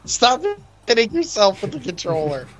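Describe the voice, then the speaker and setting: Teasing woman with a lively voice. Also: medium pitch, normal speed, soft background music. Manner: teasing, encouraging. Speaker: off-camera companion. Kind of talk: casual chat.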